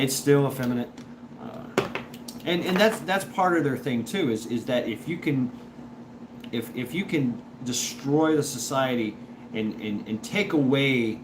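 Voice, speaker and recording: A man hosting a casual livestream, reading chat and rambling in a stop-start way, repeating words and chuckling. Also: medium pitch. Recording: steady background noise.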